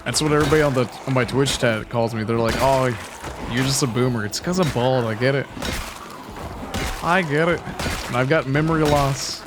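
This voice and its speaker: A man's voice: medium pitch, brisk, background noise. A man in his late twenties chatting casually and rambling through a let's-play commentary, joking at his own expense. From United States. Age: 20s. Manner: rambling, chatty, self-mocking. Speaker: gaming YouTuber.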